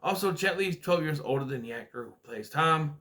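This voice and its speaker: A man's voice: fairly high pitch, expressive, brisk, sharp tone. A man casually reviewing a movie for his vlog, rambling with many restarts and acting out scenes. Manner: rambling, hesitant, many restarts and acted-out quotes.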